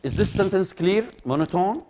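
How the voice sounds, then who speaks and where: A male lecturer, talking to a class in a voice that sits high for a man. He is animated and repeats his points, checking again and again that his listeners are following. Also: normal speed. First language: Arabic. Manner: animated, repeats himself, asks the audience for agreement.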